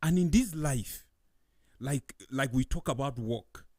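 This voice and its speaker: A man's voice: medium pitch, measured pace, mellow, no room sound, clean studio sound. A man on a panel talk show, who restarts his sentences and offers agreeing hums. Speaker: co-host.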